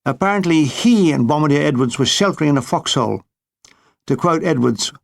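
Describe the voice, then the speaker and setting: A man reading his own war memoir with a dry, deadpan comic delivery. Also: a little high, brisk, gravelly. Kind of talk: audiobook memoir narration.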